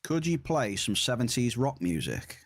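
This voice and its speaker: Male game streamer, easygoing chat to viewers, medium pitch. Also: very animated, moderate pace, breathy edge. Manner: chatty, addresses chat directly. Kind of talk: casual live-stream chat while gaming.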